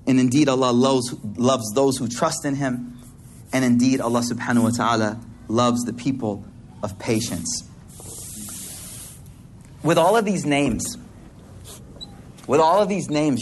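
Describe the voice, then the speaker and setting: A mid-range male voice belongs to a preacher giving a sermon in a hall, with slight background noise present. His delivery is slangy and casual, mixing in religious teaching and animated, acted-out voices.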